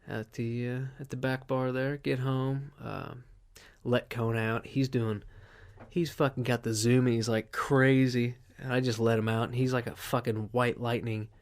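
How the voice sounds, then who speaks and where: A man in his own casual podcast monologue, rambling from one story to the next and swearing freely. His pitch sits in an ordinary middle range for a man, and he keeps stopping to fill gaps as he talks. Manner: rambling, profane storytelling with many fillers. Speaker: podcast host.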